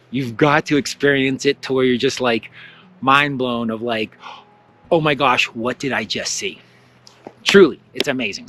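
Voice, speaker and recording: A man with a slightly raised voice, leading a spiritual self-help talk. He tells stories casually and animatedly, full of fillers and little acted-out asides. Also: a little high. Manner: chatty and animated, with many fillers and acted-out quotes of his own thoughts. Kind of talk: casual storytelling and guided teaching.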